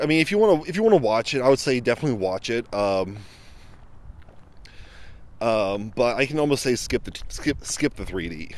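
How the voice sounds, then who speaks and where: A man chats his way through an unscripted review outdoors, circling back and restarting his sentences often. His voice sits at an ordinary middle pitch, and a faint hum of passing traffic runs behind him. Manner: rambling, many fillers and restarts. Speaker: film reviewer. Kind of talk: casual vlog review. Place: outdoors by a road. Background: passing vehicles.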